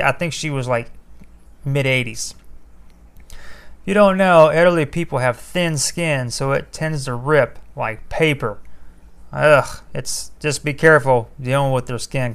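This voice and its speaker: A man's voice: mid-range voice, a bit bright, clear, resonant tone. A man telling a story from his work as an EMT in a casual, conversational way, with profane asides to his listeners.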